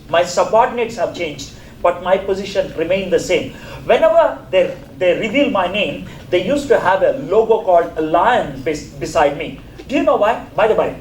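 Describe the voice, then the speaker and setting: A man's voice: sits high, a little hiss or hum. A man, acting out the prophet Daniel telling his life story in a sermon role-play. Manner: earnest first-person testimony. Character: prophet Daniel, older man, proud and earnest. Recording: echoey church hall.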